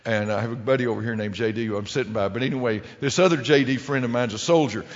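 A man's voice: medium pitch, fast. Middle-aged male preacher, folksy storyteller, full of restarts; dull recording with long reverb. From American Midwest. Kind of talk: humorous sermon story.

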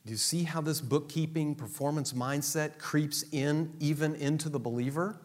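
A male pastor preaching a sermon, animated, acting out dialogue and laughing often. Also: fairly high pitch, moderate pace. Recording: long reverb in a large hall.

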